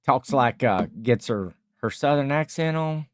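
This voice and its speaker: Slow, rambling man hosting a live chat. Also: medium pitch, animated, no echo, studio quality. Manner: rambling, searches for comments with many pauses. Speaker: livestream host. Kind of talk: casual live chat reading viewer comments.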